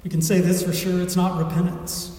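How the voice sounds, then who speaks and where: An earnest man preaches a sermon in a fairly high voice, leaning into his points with dramatic pauses. He sounds set back from the microphone, and his words ring through a large, echoing church sanctuary. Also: level tone, warm tone. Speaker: pastor. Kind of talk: sermon with scripture reading. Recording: echoey hall, voice from far off.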